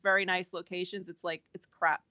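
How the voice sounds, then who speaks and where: A woman's voice: lowish voice, flat delivery, fairly quick, pushed and bright, no echo, highs cut off. A woman guest on a podcast, talking bluntly and candidly, swearing and laughing often. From New York. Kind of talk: casual chat.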